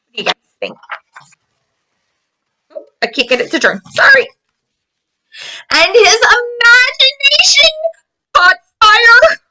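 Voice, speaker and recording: Animated high-voiced woman reading to kids. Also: slow, pauses often, poor audio. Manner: animated, gasping, exclamatory. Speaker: storyteller for children. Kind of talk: reading a picture book aloud to children.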